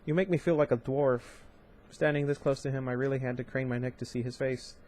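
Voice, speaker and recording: A young man reads a novel aloud at home-channel pace, his voice sitting in an ordinary middle pitch. Between passages he drifts into casual commentary, full of ums and restarts. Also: fairly even intonation, a little fast, a little mellow. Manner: casual, chatty asides with fillers and restarts. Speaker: audiobook reader and channel host. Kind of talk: amateur book reading with commentary.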